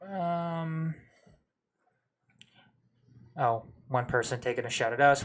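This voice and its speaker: A man's voice: medium pitch, takes it slowly, pauses often, a bit bright. A man co-hosting a sports talk show, arguing his point emphatically and repeating himself for stress. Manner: emphatic, reads viewer comments aloud; passionate, repeats himself when making a point. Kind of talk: casual debate.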